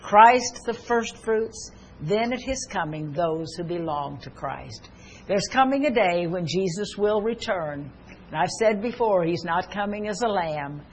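A woman's voice: fairly low pitch, animated, a little slow, a little mellow. An older woman delivers a sermon in an earnest, personal way. She weaves scripture together with stories from her own family. A faint noise sits behind her voice. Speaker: preacher.

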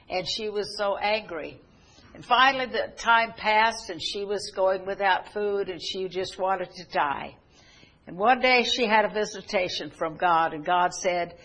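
A middle-aged woman delivers a sermon in an earnest, storytelling way, often restarting words and pausing on fillers. Her voice sits at an ordinary, middle pitch. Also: fairly bright tone, rough recording. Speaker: preacher.

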